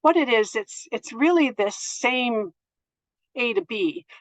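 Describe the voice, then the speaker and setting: A middle-aged woman giving a presentation on board governance in a thoughtful, gentle way, with many fillers and restarts. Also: fairly high pitch, lively intonation, slow, dry recording, poor audio. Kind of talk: presentation to an audience.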